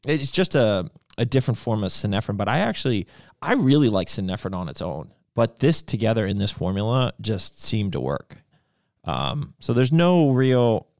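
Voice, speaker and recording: A man's voice: lowish voice, darkish tone, dry recording. Guy cohosting a live stream, rambly, talks loose and keeps restarting, dry close mic. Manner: rambling, loose, self-correcting. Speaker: podcast co-host and supplement brand owner. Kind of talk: casual livestream chat.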